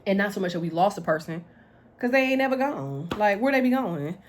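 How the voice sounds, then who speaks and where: A woman's voice: medium pitch, lively intonation, fairly quick, slight background noise. A woman doing a casual tarot reading to camera, blunt and slangy, talking animatedly and laughing often. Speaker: tarot reader.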